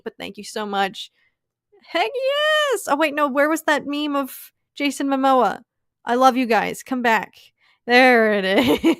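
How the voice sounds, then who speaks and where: A woman's voice: medium pitch, creaky, a bit bright, dry recording, clean studio sound. A young woman hosting a casual live stream, gushing and laughing often as she thanks viewers and rambles with fillers. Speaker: livestream host.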